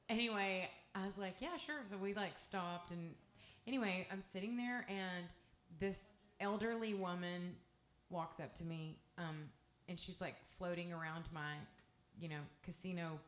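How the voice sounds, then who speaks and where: A woman with an East Texas accent spins a candid, salty, meandering story between songs. She talks at a slightly low pitch through a stage microphone. Her voice rings around an echoey live club room. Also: steady tone, measured pace, a little hiss or hum. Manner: candid, profane, rambling storytelling. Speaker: guest singer-songwriter.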